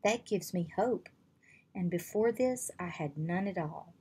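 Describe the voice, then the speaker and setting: A woman reading aloud, voicing a gentle queen who speaks softly with hope in a storybook. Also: on the low side, animated, a little slow, husky, heavily acted. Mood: hopeful. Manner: soft, hopeful.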